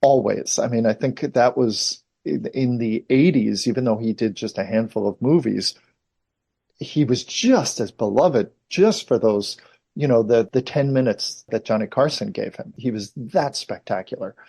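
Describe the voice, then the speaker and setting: A man in his fifties speaks as an interview guest, at a plain middle pitch. He wanders through long memories in loose, conversational sentences. His talk is full of little asides and restarts as one story leads into the next. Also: measured pace, creaky, warm tone, husky. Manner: rambling anecdotal storyteller, many asides. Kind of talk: casual interview chat.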